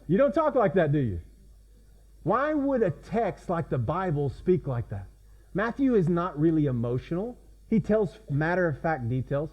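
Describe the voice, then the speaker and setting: A man's voice: high-pitched, big pitch swings, normal speed, breathy edge, muffled recording. A man preaching a sermon as pastor, in a conversational way that keeps asking the congregation questions.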